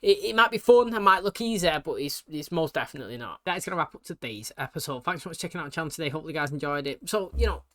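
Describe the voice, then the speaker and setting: A British man talking fast and casually, full of slang and fillers, reacting to a TV episode for his channel. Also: on the high side, lively intonation, sharp tone.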